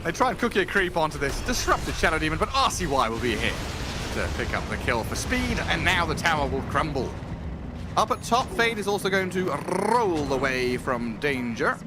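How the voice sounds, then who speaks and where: Animated man calling the action. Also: fairly high pitch, background noise. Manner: animated, jokey, quick to laugh. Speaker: esports caster. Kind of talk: live play-by-play commentary.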